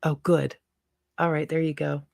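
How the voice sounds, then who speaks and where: A woman's voice: sits low, flat delivery, normal speed, vocal fry, darkish tone, no room sound, studio quality. A middle-aged woman hosting a casual livestream, chatty and rambling, laughing often between asides. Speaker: livestream host.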